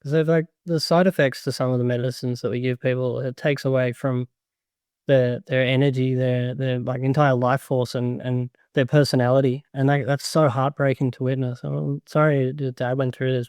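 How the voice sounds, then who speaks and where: A man's voice: mid-range voice, darkish tone, clean tone, no echo, clean studio sound. A man, a guest on a podcast, talking earnestly and rambling a little in casual chat. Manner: earnest, rambling, frequent fillers and restarts. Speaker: podcast guest, grower and educator.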